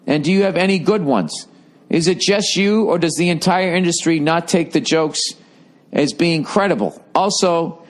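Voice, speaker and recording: Middle-aged male podcast host, profane and blunt, casual comedic rant. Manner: profane, blunt, swings loud and high for emphasis. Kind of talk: casual comedic rant reading listener emails.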